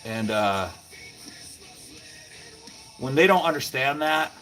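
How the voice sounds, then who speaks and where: A man's voice: mid-range voice, lively intonation, slow pace, fairly bright tone, soft background music. Chatty man hosting a garage livestream. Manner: rambling, chatty, greets viewers by name. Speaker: livestream host. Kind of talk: casual live-stream chat with viewers.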